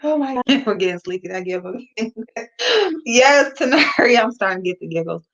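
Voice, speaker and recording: A woman's voice: mid-range voice, animated, normal speed, fairly bright tone. A woman hosting a livestream, chatting casually with viewers, slangy and blunt, swearing and giggling through her words. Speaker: livestream host. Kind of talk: casual chat with live viewers. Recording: dull lo-fi livestream audio.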